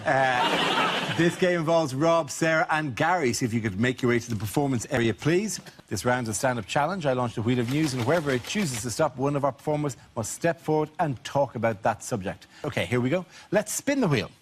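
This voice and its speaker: A man hosting a comedy round, announcing rules briskly. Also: mid-range voice, slight background noise. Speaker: host. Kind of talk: game-show hosting.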